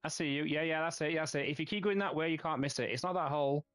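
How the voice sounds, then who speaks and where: A man with a Yorkshire accent chatting casually with viewers while streaming a game, friendly and quick to laugh, stumbling over names. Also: a little high, fairly bright tone, clean tone, dry recording, studio quality, soft background music.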